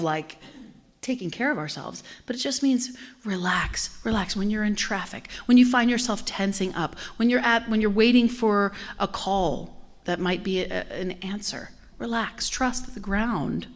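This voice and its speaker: A middle-aged woman preaching in a relaxed, conversational way. She tells stories with lively acted-out voices and now and then sinks to a soft whisper to land a point. Her pitch sits at an ordinary middle level for a woman. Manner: animated storytelling, acts out quoted voices. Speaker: guest minister. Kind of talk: conversational sermon.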